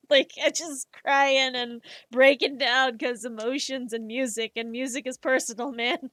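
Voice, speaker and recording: A woman streamer chats casually while she works on her art, swearing freely and throwing herself into her stories. Her voice sits a little higher than most, and the close, dry mic leaves no room sound at all. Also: a little slow, hardly any pauses, no echo. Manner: swears freely, animated retelling with emotional outbursts. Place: home streaming setup.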